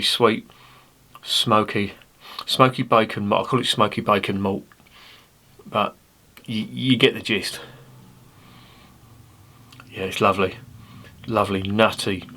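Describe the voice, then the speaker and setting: Male beer reviewer, low-pitched, casual and rambling, throws in jokes. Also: sharp tone. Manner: chatty, rambling, jokey asides.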